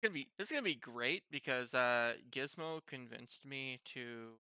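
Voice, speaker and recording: A man with a very bright, ringing voice chats casually with his gaming group, tripping over his words and restarting phrases. His tone is crisp and clean, recorded close and dry. He sounds like the host of the stream. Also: mid-range voice, expressive, normal speed, no room sound. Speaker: player and channel host. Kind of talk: casual chat.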